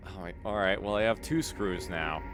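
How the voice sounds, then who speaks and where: A man's voice: low-pitched, moderate pace. A young man streaming a video game, chatting casually, swearing and laughing easily. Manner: animated, profane, laughs easily. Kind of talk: casual gameplay commentary. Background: game music.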